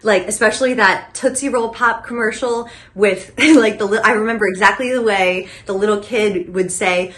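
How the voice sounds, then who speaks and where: A young woman hosting a nostalgia vlog in a comedic monologue, rambling and animated, full of tangents and filler words. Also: mid-range voice, moderate pace, hardly any pauses. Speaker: host of a nostalgia channel.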